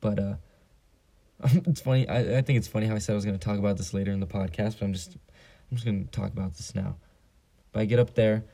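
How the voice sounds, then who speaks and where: A man's voice: on the low side, fairly even intonation, fast, gravelly, dark tone. A teenage boy hosting a casual solo podcast, telling a joking, profane story. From San Diego. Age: teens. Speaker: podcast host.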